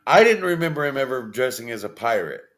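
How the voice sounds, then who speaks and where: A man co-hosting a podcast about paranormal topics, chatting casually with deliberate, drawn-out phrasing. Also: mid-range voice, big pitch swings, a bit bright. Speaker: podcast co-host. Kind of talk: casual chat.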